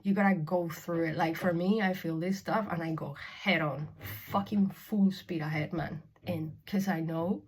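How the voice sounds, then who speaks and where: Husky, sweary young woman vlogging. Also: fairly low pitch, steady tone, moderate pace, few pauses. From Spain. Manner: frank and sweary, laughing often, swinging from loud to whispered. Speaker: spiritual vlogger. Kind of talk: candid casual monologue.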